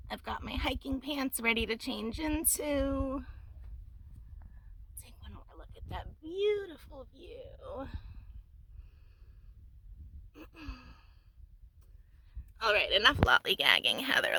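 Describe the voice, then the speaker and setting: A woman vlogging from inside a small camper van, chatting casually in a gravelly morning voice, often half-whispering. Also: fairly high pitch, big pitch swings, unhurried, sharp tone, slight background noise, rough recording. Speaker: camping vlogger. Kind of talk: casual vlog narration.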